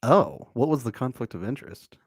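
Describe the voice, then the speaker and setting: A man co-hosting a casual podcast recap, joking with deadpan asides. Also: medium pitch, a little fast, slightly rough, no room sound, studio quality. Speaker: podcast co-host.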